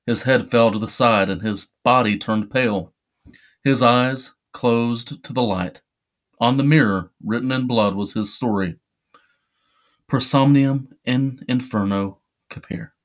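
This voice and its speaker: Measured male horror story narrator. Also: medium pitch, a bit bright. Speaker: podcast host and reader.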